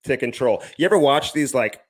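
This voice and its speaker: A man in his thirties co-hosting a podcast in relaxed, casual chat. He speaks in an easygoing way and leans on filler words. His voice is at a typical male pitch. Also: brisk. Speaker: podcast co-host.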